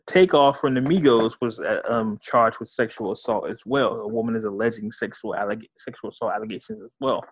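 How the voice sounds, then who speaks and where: A man's voice: lowish voice, fairly quick, few pauses, slightly rough, dry recording, dull audio. A man co-hosting a podcast, chatting loosely and joking with slang. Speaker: podcast co-host. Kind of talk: casual chat.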